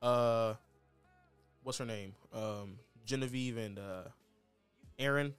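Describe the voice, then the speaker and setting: A man's voice: mid-range voice, takes it slowly, clean tone, faint music behind. A man co-hosting a podcast in casual chat, rambling and hedging as he talks over reality TV. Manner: rambling, hedging, with frequent restarts. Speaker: podcast co-host.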